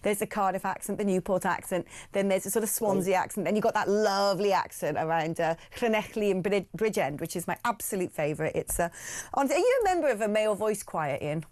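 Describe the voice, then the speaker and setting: A woman's voice: mid-range voice, expressive, quick pace, a little mellow. A woman hosting a talk radio phone-in, chatty and opinionated, who admits she rambles.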